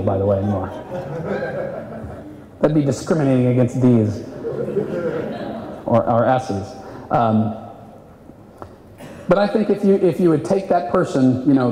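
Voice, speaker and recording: A man coaching salespeople at a live seminar, animated and acting out client voices. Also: medium pitch. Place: seminar room. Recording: echoey hall, voice from a distance.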